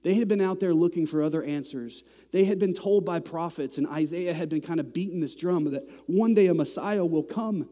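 A middle-aged man preaching a sermon to a congregation, talking in a conversational way that climbs to loud, exasperated peaks. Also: on the high side, fairly quick, few pauses. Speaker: pastor. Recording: long hall reverb.

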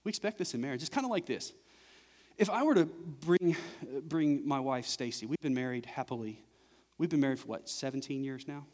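A man's voice: mid-range voice, expressive, fairly quick, a little mellow. A middle-aged man preaching a sermon as pastor, building emphasis through repeated phrases. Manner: preaching with rising, emphatic repetition. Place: church sanctuary. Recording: church recording with long reverb.

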